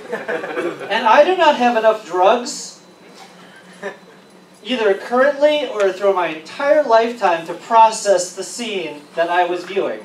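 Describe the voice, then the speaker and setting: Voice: medium pitch, expressive, takes it slowly, pauses often. A stand-up comedian doing a set, rambling and profane, often breaking into laughter. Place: event hall at a convention. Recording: roomy, distant, with noisy ambience.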